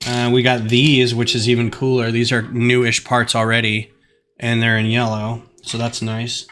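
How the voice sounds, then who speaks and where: A man's voice: medium pitch, monotone, moderate pace, a bit bright, slight background noise. A man chatting casually at home while building a kit on a live stream, rambling with plenty of fillers. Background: faint music.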